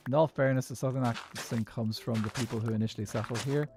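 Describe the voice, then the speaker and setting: A man's voice: mid-range voice, steady tone, fast, background noise. A young man with a posher south Dublin accent, chatting casually and rambling while he plays a game on stream. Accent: Dublin (south side, posher). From Ireland. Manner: rambling, chatty, with many fillers and restarts. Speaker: gaming streamer.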